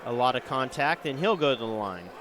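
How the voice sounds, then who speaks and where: A man calling live high school basketball play-by-play who gets louder on big plays. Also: brisk, background noise. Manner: rising excitement on big plays. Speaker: play-by-play announcer.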